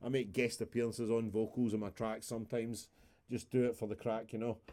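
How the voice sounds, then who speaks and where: A man's voice: fairly low pitch, little pitch movement, brisk, very noisy. A man, casually walking through a music production session on a live stream, chatty and rambling with the odd swear word.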